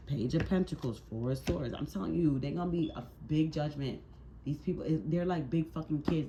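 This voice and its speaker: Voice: mid-range voice, dark tone, muffled recording, a little hiss or hum. Tarot reader, mid-range voice, heated and preachy, heavy swearing, repetitive rhetorical questions. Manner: heated, profane and emphatic, with repeated rhetorical questions; preachy and scolding. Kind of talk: tarot reading monologue.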